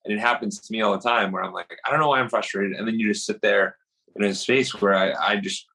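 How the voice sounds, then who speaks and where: A man with a low voice hosts a podcast conversation. He affirms his guest and expands on the ideas in a loose, chatty way. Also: steady tone, fairly quick, sharp tone, rough recording. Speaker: podcast host. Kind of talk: casual interview conversation.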